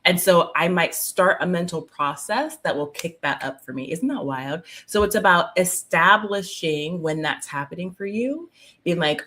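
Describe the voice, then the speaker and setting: A woman's voice: lowish voice, animated, normal speed, a bit bright. A woman spiritual coach chatting casually on a live stream, laughing often, full of "like" and "um", and greeting viewers by name. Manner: filler-heavy with "like" and "um". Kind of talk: casual livestream chat.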